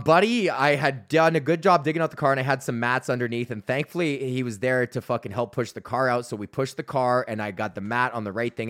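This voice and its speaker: With a fairly bright, mid-range voice, this podcast host and comedian chats casually. He's a Canadian in his thirties, spinning a profane, meandering story.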